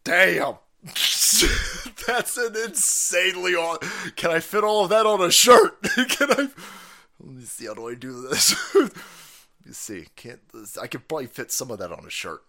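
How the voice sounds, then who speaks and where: A man hosting his own stream, ranting in a loud, profane, mocking way and laughing often. His voice sits fairly high and jumps all over the place. It is bright, forceful and sharp. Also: expressive, fairly quick, hardly any pauses. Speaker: streamer host. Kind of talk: profane political rant.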